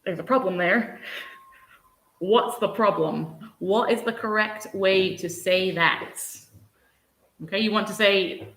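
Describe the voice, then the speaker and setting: A woman's voice: mid-range voice, lively intonation, unhurried. A woman teaching English in a live online lesson, patient and encouraging, answering viewers by name. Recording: roomy echo.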